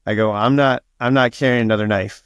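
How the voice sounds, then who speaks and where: Being interviewed as an author, a man tells casual stories fast and smoothly in a lowish voice with fairly even intonation. He curses freely and acts out quoted dialogue, and the recording has no echo.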